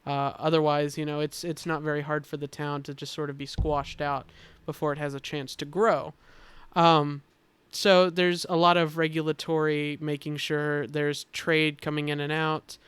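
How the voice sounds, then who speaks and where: A man with a higher-than-usual, very smooth and resonant voice talks through story characters on a casual podcast. He explains slowly and thoughtfully, pausing often with fillers. The sound is close and dry, with no room around it. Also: flat delivery, a bit bright, dry recording. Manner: halting, thoughtful explaining with many filler pauses. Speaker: game designer explaining characters.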